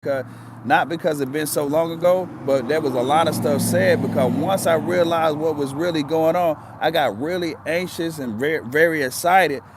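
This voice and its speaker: A man's voice: fairly high pitch, normal speed, background noise. A man telling a personal story in a casual, earnest way, often repeating himself for emphasis.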